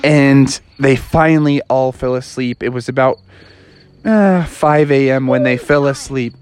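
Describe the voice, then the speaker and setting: A woman's voice: a bass voice, unhurried. A woman casually telling a playful bedtime story, talking straight to the children. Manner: playful, animated, talks straight to kids.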